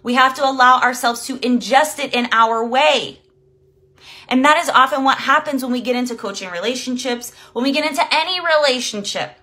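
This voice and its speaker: Woman life coach, bright voice pitched a little high, blunt live-stream talk with plenty of swearing. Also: a little fast. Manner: blunt and emphatic, swears freely; greets viewers by name while talking.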